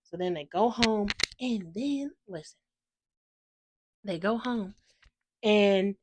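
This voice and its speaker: A young woman giving a casual, chatty book review, gushing and rambling excitedly, sprinkling in "like" and swearing freely, sounding tired. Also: mid-range voice, takes it slowly, noisy background. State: tired from no sleep.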